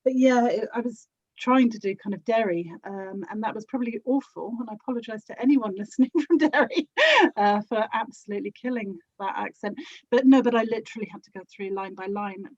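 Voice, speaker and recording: A woman's voice: fairly high pitch, a little fast, darkish tone, no echo. Woman voice actor, muffled audio. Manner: self-deprecating, laughs often while talking. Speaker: audio drama actor and producer, podcast guest. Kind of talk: casual interview chat.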